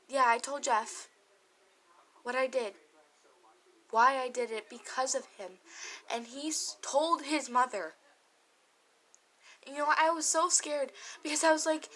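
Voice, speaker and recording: A woman's voice: sits high, steady tone, measured pace, pauses often, sharp tone, rough recording. A woman vlogger telling a personal story in a confessional, emotional way, candid and often swearing.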